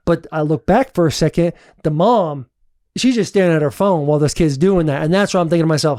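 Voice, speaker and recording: A man's voice: fairly high pitch, brisk, a little mellow. Rambling, laughing man on a podcast. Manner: rambling storyteller, heavy use of "like", laughs often. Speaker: podcast co-host. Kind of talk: casual chat.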